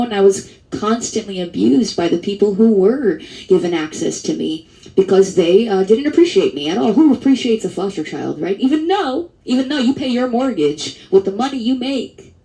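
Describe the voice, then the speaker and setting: A woman's voice: mid-range voice, mellow, poor audio. Woman vlogger, rambling monologue, lots of restarts, blunt and profane. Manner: rambling, with many restarts and fillers. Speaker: advocacy vlogger. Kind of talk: casual monologue to camera.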